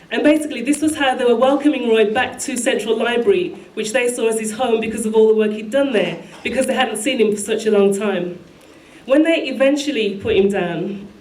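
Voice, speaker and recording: A woman giving a tribute speech, telling a story and then reading a piece aloud to the audience. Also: a little high. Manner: warm storyteller, reads aloud, call-and-response. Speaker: speaker at a tribute. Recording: echoey hall with light noise.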